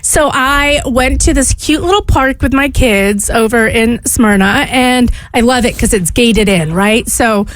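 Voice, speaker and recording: A woman with a light Southern accent tells a self-mocking story on a radio show. Her voice sits high. It sounds dry and close in the studio. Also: unhurried, few pauses, dry recording. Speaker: radio co-host. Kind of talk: casual storytelling.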